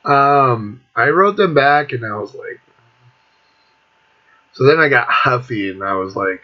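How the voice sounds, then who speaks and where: A middle-aged music vlogger delivers an animated, measured rant on his video channel, swearing throughout and clearly irritated. His pitch sits in the middle, and the recording has a dull lo-fi quality.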